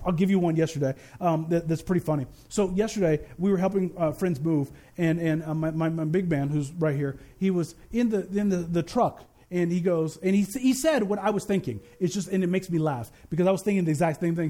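A man preaching a sermon as pastor, fervent and emphatic, slowing down hard to stress key lines. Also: on the high side, warm tone.

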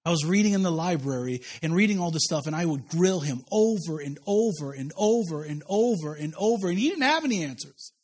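A man's voice: fairly high pitch, animated, fairly quick, hardly any pauses, darkish tone, husky. A pastor from Kansas preaching a sermon to his church, mixing humorous personal stories with repeated rhetorical questions. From Kansas, USA. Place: church service.

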